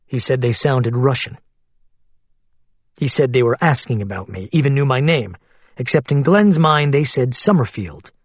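A man voicing a tense, anxious man on the run, speaking low and hushed in an audiobook. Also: animated, normal speed, dry recording, close to an everyday voice.

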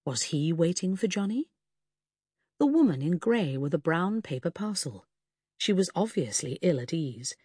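A woman narrating a story in a measured way, voicing each character. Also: fairly low pitch, big pitch swings, darkish tone, husky, no room sound, clean studio sound. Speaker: audiobook narrator. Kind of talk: scripted narration.

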